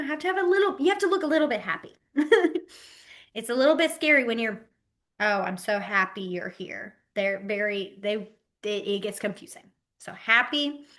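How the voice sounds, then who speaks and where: Female teacher, lively and giggly, acts out examples, slightly high voice, webcam call. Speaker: sign language teacher. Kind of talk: online class instruction. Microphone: webcam mic on a video call.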